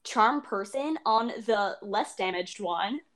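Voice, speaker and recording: A woman's voice: medium pitch, lively intonation, takes it slowly, a bit bright. A woman playing a tabletop game, asking questions hesitantly with lots of ums. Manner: hesitant, questioning, many fillers. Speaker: player.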